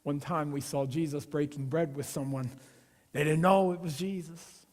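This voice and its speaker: A man with a notably high voice preaches a Christmas Eve sermon, talking to the congregation like old friends. He drops to near-whispers on tender lines and jumps up loud and bright for jokes. The church sanctuary rings with a long reverb behind him. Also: fairly even intonation, normal speed. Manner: conversational, swings from hushed intimate lines to loud playful asides. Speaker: pastor.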